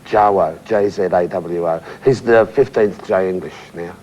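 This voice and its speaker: A man's voice: low voice, normal speed, warm tone, muffled recording, a little hiss or hum. An older man, a stage actor guesting on a talk show, jokey and self-deprecating.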